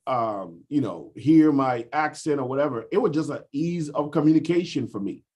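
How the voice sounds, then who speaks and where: A man's voice: mid-range voice, expressive, moderate pace, a little mellow, husky. A man from the US Virgin Islands, talking over a video call in a casual group discussion and explaining at length with frequent fillers.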